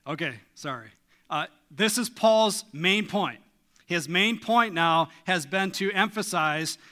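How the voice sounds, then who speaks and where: A middle-aged man preaches a sermon in a church sanctuary with a slightly high voice, bright and forceful in tone. He's an earnest, emphatic pastor who keeps pressing his listeners with questions.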